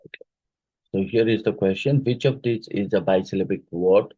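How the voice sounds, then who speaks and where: In this rough, echo-free recording, a man with a dark, somewhat low voice and an Odia-influenced Indian English accent teaches phonetics for exam prep. He goes slowly, spells words one letter at a time, and fills his speech with lots of fillers.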